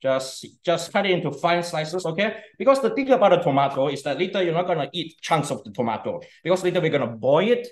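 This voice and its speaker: A young man walks through a cooking demonstration in a chatty, easygoing way, checking in with "okay?" after nearly every step. His voice sits a little high for a man. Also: very animated, fast talker, hardly any pauses. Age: young adult. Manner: chatty, repeats "okay?" often.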